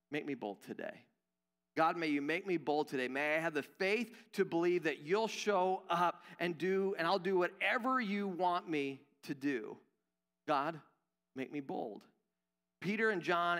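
A young man preaching in a church sanctuary, his tone high and bright. He talks casually and pokes fun at himself, and his voice rings with long hall reverb. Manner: conversational, self-deprecating, acts out quoted voices. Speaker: pastor. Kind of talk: sermon.

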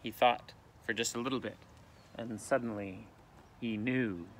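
A male teacher reading a picture book aloud with expressive, dramatic storytelling, outdoors in a canoe. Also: fairly low pitch, a little slow, noisy background.

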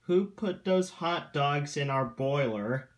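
Man doing a squabbling storybook engine twin: a high, accusing male voice. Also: expressive, slow. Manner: defensive, accusing.

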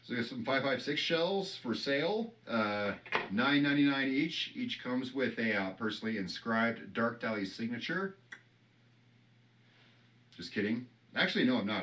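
A man's voice: medium pitch, lively intonation, moderate pace, fairly bright tone, far from the mic. Joking man talking through a craft project. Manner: rambling, joking, swears casually. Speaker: channel host. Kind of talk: casual how-to vlog chat.

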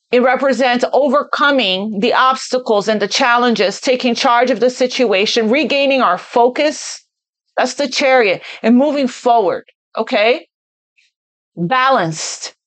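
A woman with a somewhat high voice talks her way through a tarot spread off the cuff. She speaks earnestly, as if passing on messages she senses, and repeats words to press her point. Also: fairly bright tone. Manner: repeats phrases for emphasis. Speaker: tarot reader. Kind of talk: spontaneous tarot card reading.

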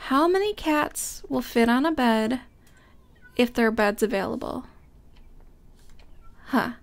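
A young woman hosting a casual gameplay commentary, gushing and excitable, often squealing with delight. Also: a little high, slow pace. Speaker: Minecraft let's play host.

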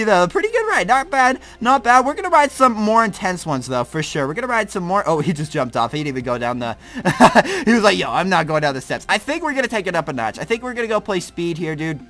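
A young man with a bright, high voice gives slangy, excitable let's-play commentary. He reacts loudly and laughs often, with faint game music underneath. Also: quick pace. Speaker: gaming YouTuber.

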